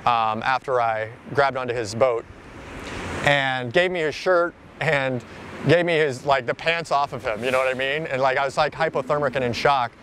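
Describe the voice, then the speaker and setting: A man's voice: medium pitch, steady tone, moderate pace, a bit bright, slight background noise. A man being interviewed outdoors, telling a personal story in a rambling, casual way, full of "like" and "you know".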